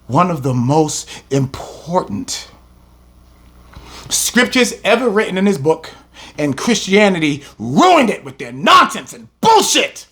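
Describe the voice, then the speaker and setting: A man teaching a scripture lesson with fiery passion, his voice breaking up as he shouts. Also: sits high, sing-song, slow pace. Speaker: religious teacher.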